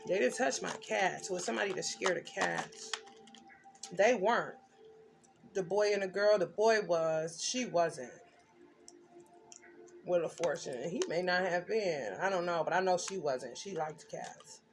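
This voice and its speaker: A woman's voice: on the low side, measured pace, creaky, faint music behind. A woman doing a tarot reading, telling her story intensely and emphatically with blunt slang. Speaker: tarot reader.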